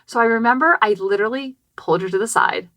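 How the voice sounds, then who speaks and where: Woman, 30s, podcast host, animated storyteller with crisp bright tone, recorded dead-dry in a closet. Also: fairly high pitch, fast, no room sound. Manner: chatty and animated, acting out quotes, many "like" fillers. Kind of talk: personal storytelling. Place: small closet. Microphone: podcast microphone.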